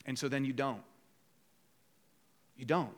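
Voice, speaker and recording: A man's voice: mid-range voice, takes it slowly. A man preaching a conversational sermon as pastor, rising to emphatic bursts when voicing people's inner thoughts. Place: church.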